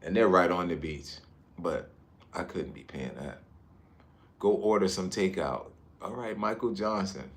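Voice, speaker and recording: A man from Newark, New Jersey, livestreaming casually from a high-rise hotel room on his phone and chatting with viewers about their comments. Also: expressive, unhurried, creaky. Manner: laid-back, chatty, drifts between comments. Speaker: livestream vlogger.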